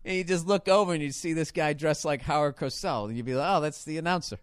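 A man hosting a podcast in a loose, cursing storytelling chat, with a slightly higher voice than most men. He jumps into loud mock shouts as he tells it, and the sound is dry and close with no room around it. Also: fast talker, clear, resonant tone, no room sound. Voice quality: profane and animated, bursts into loud mock shouts. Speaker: podcast host.

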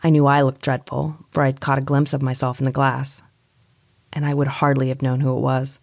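A woman's voice: extremely low pitch, level tone, fairly quick, gravelly, darkish tone, dry recording. A woman reading a story aloud, telling it steadily in the first person. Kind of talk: storytelling narration.

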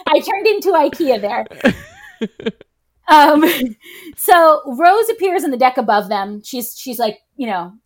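A woman's voice: sits high, very animated, a little slow. A woman co-hosting a podcast, recapping a movie in casual chat with jokes and frequent giggles. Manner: joking, giggly, self-deprecating. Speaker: podcast co-host.

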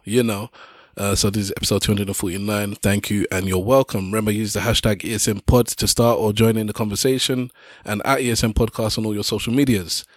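A man's voice: lowish voice, dry recording, studio quality. A man hosting a casual podcast, opening the show with a playful, grandiose welcome and chatting with his co-hosts over a remote recording. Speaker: podcast host.

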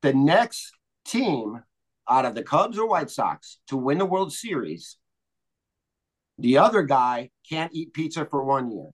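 A man whose pitch swoops up and down as he talks, with a slightly high voice. He tells stories in a casual chat and leans hard into his emphasis. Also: measured pace, slightly rough. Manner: animated storyteller, leaning into emphasis.

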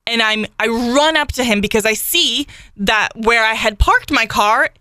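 A woman co-hosting a radio show, retelling a mishap in an excitable, laughing way. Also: a little high, normal speed, dry recording, clean studio sound. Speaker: radio co-host. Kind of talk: casual chat.

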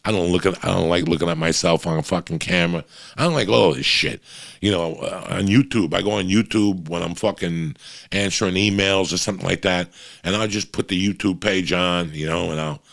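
A middle-aged male podcast host with a very low, gravelly, wheezy voice, brisk and a bit bright, rambles through a confessional monologue, swearing constantly. He's close and dry on a podcast microphone, with no room sound around him.

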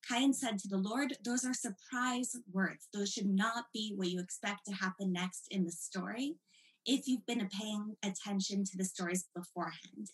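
A woman's voice: mid-range voice, low-quality recording. A woman giving a lecture as a teacher, reading passages aloud and stressing key words with dramatic emphasis. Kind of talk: recorded lecture.

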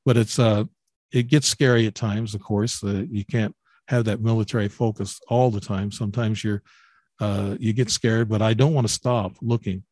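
A man in his seventies from Illinois, a guest on an interview, telling his own story in a halting way with many repeated words and restarts. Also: lowish voice, steady tone, a little mellow, no echo, clean studio sound. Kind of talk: interview, personal account.

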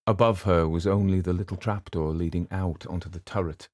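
A man narrating a novel in a steady, measured storytelling voice. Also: low-pitched, dry recording, studio quality. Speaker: audiobook narrator. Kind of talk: scripted narration.

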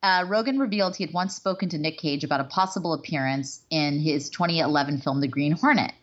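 A woman's voice: low-pitched, quick pace, dull audio. A woman co-hosting a casual podcast, reading celebrity news aloud and joking around. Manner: giggly, reads news stories aloud, jokey impressions. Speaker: podcast co-host.

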